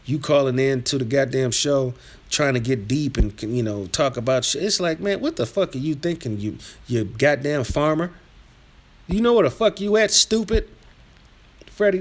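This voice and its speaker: Combative man ranting on a livestream. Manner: combative, trash-talking, rambling; swings from low muttering to loud yelling. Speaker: livestream host reading chat. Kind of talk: casual profane rant on a live stream.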